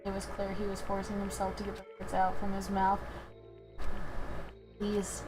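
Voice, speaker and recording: Woman streamer, reads every character's lines herself, game music clearly behind. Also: mid-range voice, completely flat delivery, moderate pace, poor audio. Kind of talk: reading game dialogue aloud.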